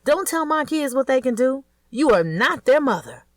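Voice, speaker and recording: A woman voicing a tough, hostile woman who scolds sharply and loudly, in an audiobook. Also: deep voice, big pitch swings, a little slow, no echo, clean studio sound, recorded from a distance, heavily acted. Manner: sharp, confrontational.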